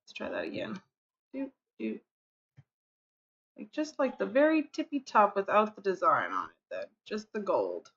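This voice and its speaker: A woman's voice: medium pitch, wildly swooping pitch, fairly quick, gravelly, few pauses, a bit bright, a little hiss or hum. Chatty woman streamer on a dull mic. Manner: chatty, rambling, talks to chat while fiddling; hums and counts under her breath. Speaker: game streamer. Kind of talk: casual live-stream chat.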